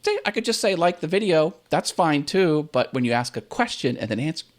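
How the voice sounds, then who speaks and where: A relaxed man chats casually as he hosts his own video channel, sharing tips and acting out how a sentence should sound. His voice comes through a computer's built-in webcam in a home set full of toys and games. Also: a little high, fairly quick. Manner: relaxed, chatty, demonstrates with own intonation. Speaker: YouTube channel host.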